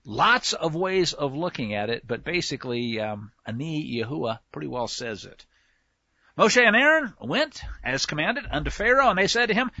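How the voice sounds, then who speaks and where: A man's voice: on the high side, big pitch swings, normal speed, bright, forceful tone, no room sound. A man teaching scripture verse by verse in a casual, folksy way, with slang asides. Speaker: Bible teacher. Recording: dull lo-fi, dry sound.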